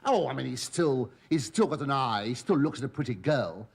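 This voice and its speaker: An actor playing a cheeky middle-aged slave who tells the audience the prologue with camp, innuendo-laden asides. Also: male voice, mid-range voice, animated, a little fast, gravelly, breathy edge. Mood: gossipy. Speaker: narrator of the prologue. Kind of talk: sitcom stand-up address. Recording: live studio audience laughter.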